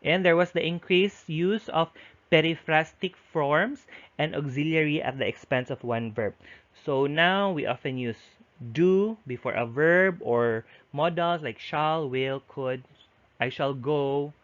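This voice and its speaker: A man's voice: on the high side, unhurried, a bit bright. Man giving a lo-fi recorded lecture. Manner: explanatory, with frequent restarts. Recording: dull lo-fi audio.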